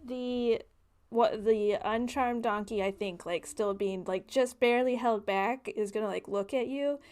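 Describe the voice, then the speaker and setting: A woman's voice: on the high side, fairly even intonation, measured pace, darkish tone. A woman narrating a tabletop game as game master, speaking casually with lots of fillers.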